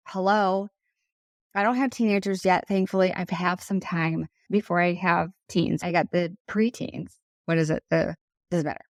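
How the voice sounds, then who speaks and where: A woman in her thirties talks through her podcast in an earnest, conversational way. Her voice sits on the low side, and it comes across dry and close with no room sound. She speaks with passion, like an advisor coaching parents. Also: no echo. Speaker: podcast host and financial advisor. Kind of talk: solo podcast talk.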